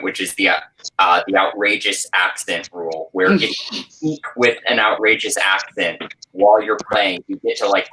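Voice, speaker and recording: Deep, bright-toned hesitant man. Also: poor audio. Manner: hesitant, many fillers. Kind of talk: casual podcast chat.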